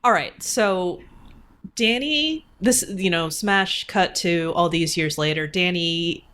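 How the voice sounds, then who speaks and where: A woman co-hosting a casual movie podcast, lively and steering the conversation forward. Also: on the low side, takes it slowly. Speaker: podcast co-host. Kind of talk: casual chat about a movie.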